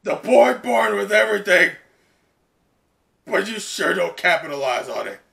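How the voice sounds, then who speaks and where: Brief: mocking young male fire villain, higher and louder than his own voice, bright, read by a man. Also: expressive, measured pace, creaky, heavily acted. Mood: taunting. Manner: sneering, mocking.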